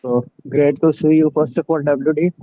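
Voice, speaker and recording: A man's voice: on the high side, steady tone, normal speed, mellow, no room sound, lo-fi sound. A man with a South Asian accent asking a question on a video call, hesitant and searching for words. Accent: South Asian English. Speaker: group member asking a question.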